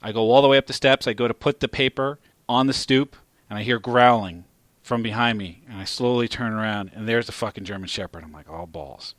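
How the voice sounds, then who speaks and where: A male podcast host spinning a crude anecdote with lots of swearing and animated delivery. His pitch sits in an ordinary middle range. The sound is dry and close, with no room echo. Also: a little fast. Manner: profane, animated storyteller who gets loud at climaxes. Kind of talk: casual storytelling chat.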